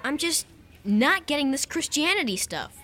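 A performer voicing a frustrated teenage boy who sulks and is quick to argue. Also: sits high, very animated, pushed and bright, exaggerated voice. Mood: troubled. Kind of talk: radio drama acting.

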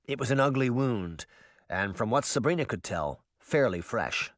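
Male audiobook narrator with an animated, expressive delivery and a dry close-mic sound. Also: mid-range voice, normal speed, no room sound. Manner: expressive, lively reading. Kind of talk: scripted storybook narration.

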